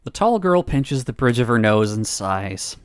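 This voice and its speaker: A woman's voice: extremely low pitch, sing-song, a little slow, clear, resonant tone, dry recording. A woman streamer reading a narrative game aloud, giggling and reacting between lines.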